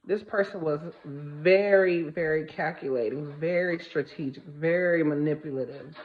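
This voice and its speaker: A woman's voice: sits low, normal speed, highs cut off, slight background noise. A woman giving a casual spiritual vlog monologue, speaking bluntly and emphatically, repeating phrases for stress and swearing freely. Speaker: spiritual vlogger.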